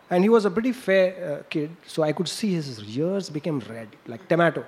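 Monk preacher, high-pitched man, lively anecdote-style sermon with chuckles. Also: fairly quick, few pauses. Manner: animated storytelling with laughs and sound effects. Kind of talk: storytelling sermon.

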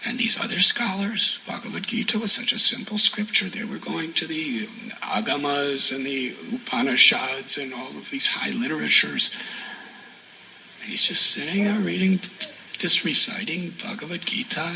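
Soft-spoken man telling a devotional story. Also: mid-range voice, a little hiss or hum, poor audio. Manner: soft-spoken, drops to near whispers for emphasis. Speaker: spiritual teacher.

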